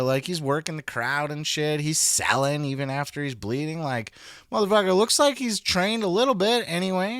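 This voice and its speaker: A male podcast host gives blunt, profane commentary, reacting with animated disbelief. His voice has a bright, sharp edge. The sound is dry and close, with no room around it. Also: fairly high pitch, no echo. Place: indoors, sirens passing outside.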